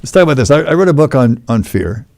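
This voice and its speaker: A man's voice: mid-range voice, very animated, quick pace, darkish tone, a little hiss or hum. A man hosting a casual interview, easygoing and brief as he steers the talk. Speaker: podcast host.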